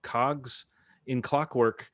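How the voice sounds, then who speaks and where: A man co-hosting a podcast about movies, chatting casually and getting animated, with laughs and sudden jumps up in pitch. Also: extremely slow, no echo, studio quality. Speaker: podcast co-host. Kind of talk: casual chat.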